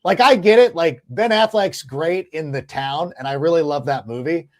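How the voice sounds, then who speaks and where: Animated male sports podcast host. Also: fairly high pitch, moderate pace. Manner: animated, rambling with restarts. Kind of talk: casual sports talk.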